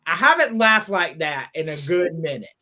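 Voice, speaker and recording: A male podcast host chats casually, laughing and cursing as he tells stories. His pitch rises and falls all over the place. He sounds relaxed and playful. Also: normal speed. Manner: animated, laughing, profane storytelling.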